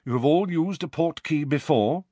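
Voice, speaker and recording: A man reading an audiobook and voicing an elderly headmaster wizard who speaks in a measured, quiet, authoritative way. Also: on the high side, slightly rough, no echo, voice pushed up. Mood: urgent calm. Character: calm, grave elderly male headmaster wizard.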